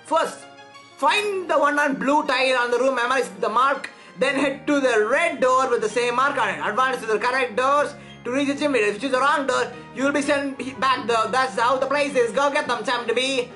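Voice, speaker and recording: A woman's voice: high voice, a little fast, sharp tone, faint music behind. Woman reading an upbeat gym guide.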